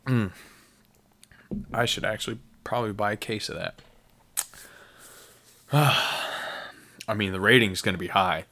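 Rambling low-voiced man reviewing beer. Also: unhurried, long pauses, sharp tone. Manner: rambling, enthusiastic, lots of fillers and restarts. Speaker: podcast host. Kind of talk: casual solo podcast, beer review.

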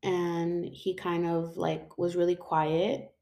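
Young woman, lowish voice, rambling casual storytelling, lots of fillers, casual swearing. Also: little pitch movement, slow, gravelly, warm tone.

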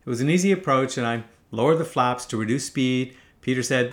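A man's voice: mid-range voice, a little fast. A man in his fifties from Canada, telling a first-person story in a wry, casual way, swearing freely. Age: 50s.

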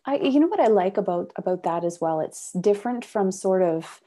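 Mellow-voiced woman interview host. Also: mid-range voice, expressive, brisk. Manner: chatty, warm laughter, thinks aloud. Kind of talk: conversational interview.

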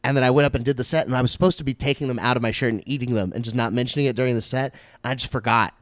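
A man's voice: mid-range voice, fairly even intonation, dry recording. Rambling, crude man telling stories, dry sound. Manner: rambling, crude storytelling, quick bursts of laughter. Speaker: comedian podcast co-host. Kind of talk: casual chat.

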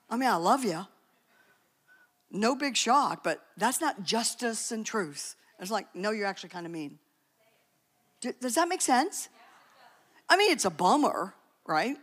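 A woman's voice: fairly high pitch, expressive, measured pace, fairly bright tone. A woman preaching a sermon in a conversational, emphatic way, with joking asides. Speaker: speaker at a church talk.

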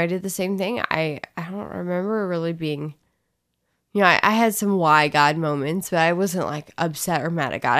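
A woman talking candidly in a casual testimony chat, rambling and emotional as she tells her story. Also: low-pitched. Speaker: co-host sharing her story.

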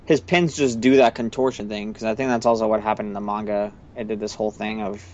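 A man's voice: fairly low pitch, fairly even intonation, quick pace, darkish tone. A man hosting a casual podcast chat, recapping an episode in a rambling way with many fillers. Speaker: podcast host. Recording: slightly muffled, dry recording.

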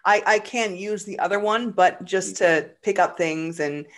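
A woman guest telling a personal story in conversation, halting and repeating words, then growing lively as the story goes on. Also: medium pitch.

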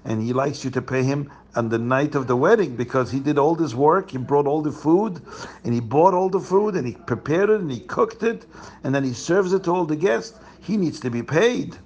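Brief: male storyteller for kids, animated, gravelly and husky tone. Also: fairly high pitch, normal speed, highs cut off. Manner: animated, asks listeners questions. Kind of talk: storytelling for children.

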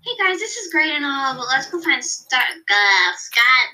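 A woman's voice: high-pitched, very animated, measured pace, sharp tone, a little hiss or hum, pitched above the performer's own voice, exaggerated voice, rough recording. A woman voicing a young female cat who is anxious but plucky, reading it aloud in a slightly raised voice. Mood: worried.

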